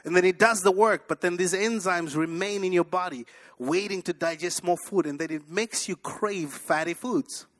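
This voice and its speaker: A man preaching a sermon in church, telling stories with animated energy and shouting at the peaks. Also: high-pitched, moderate pace. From abroad, moved to the US in 1998. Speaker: pastor.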